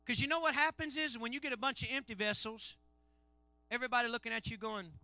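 Male pastor, high sharp preaching voice, call-and-response sermon, dry recording. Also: quick pace, no room sound. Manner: call-and-response preaching, swinging between loud shouts and low murmurs.

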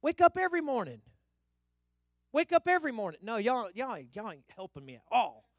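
A man preaching a sermon, calling out to his congregation and swinging from low asides to loud shouts. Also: huge pitch swings, fairly quick, dry recording. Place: church hall.

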